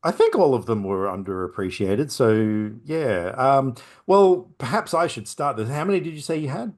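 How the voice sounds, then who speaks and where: A male podcast host talking through film picks in a loose, rambling way, full of fillers and offhand asides. His voice sits at an ordinary middle pitch and comes over a podcast microphone. He sounds like easy, unscripted chat between friends. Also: animated, moderate pace.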